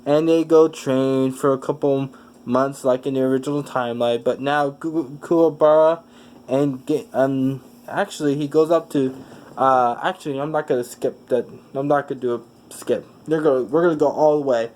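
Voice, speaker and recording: A man's voice: mid-range voice, steady tone, normal speed, darkish tone. A man improvising a fan-fiction story aloud, rambling with many restarts and self-corrections.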